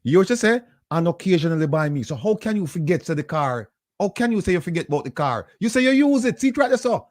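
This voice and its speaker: Insistent Jamaican man, lively pitch. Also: fast, dry recording. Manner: insistent, argumentative, directing. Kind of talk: casual chat.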